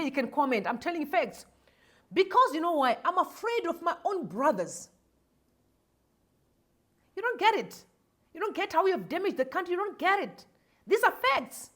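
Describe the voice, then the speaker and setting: Zimbabwean woman host, high animated delivery, fiery preachy commentary. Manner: emotional, preachy, switches into Shona. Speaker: show host. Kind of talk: impassioned commentary.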